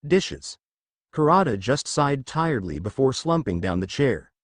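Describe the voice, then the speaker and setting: Dude narrating fan fiction, plain storytelling, lively pitch, super dry sound. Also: male voice, normal speed, no room sound.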